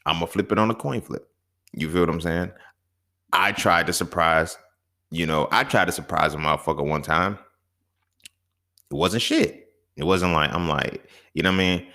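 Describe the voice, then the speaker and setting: A young man telling a casual, profane story as a podcast host, often asking "you feel me?" and swinging between low mutters and sudden high exclaims. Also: vocal fry, sharp tone.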